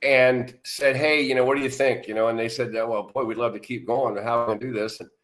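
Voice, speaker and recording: A man's voice: mid-range voice, fairly even intonation, fast talker, fairly bright tone. A man in his sixties, a retired musician and interview guest, telling stories in a rambling way with many restarts. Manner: rambling, many restarts, acts out quoted voices. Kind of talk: casual interview storytelling.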